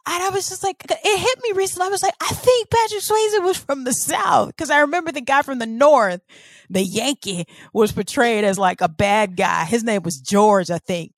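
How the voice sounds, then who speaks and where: A woman's voice: a little high, normal speed, no room sound, studio quality. A woman from the American South co-hosting a podcast in casual chat, swearing freely and acting out quotes from people. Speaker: podcast co-host.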